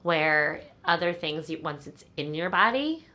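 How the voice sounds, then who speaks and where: A woman's voice: deep voice, animated, a little slow, bright, forceful tone. A woman co-hosting a casual podcast chat, explaining things and checking in with "right?".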